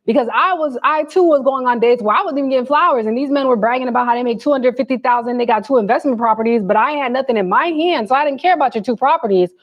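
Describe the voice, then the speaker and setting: A young woman with a slightly high voice talks to her viewers on a livestream, animated and loose, full of slang and asides. The sound is dull and lo-fi, like a phone stream. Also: quick pace, hardly any pauses. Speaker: livestream host. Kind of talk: casual livestream chat.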